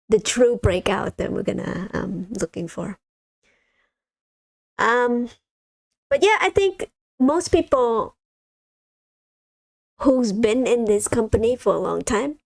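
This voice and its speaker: A woman with a mid-range, gravelly voice hosts a casual livestream, recorded with no room sound. She rambles with plenty of ums, speaking directly to her viewers and calling them "you guys."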